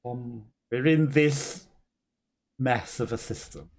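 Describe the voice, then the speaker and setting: A man's voice: mid-range voice, slow. A man streaming a video game, giving rambling, self-mocking commentary and laughing often. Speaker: let's play streamer. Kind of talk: casual gameplay commentary.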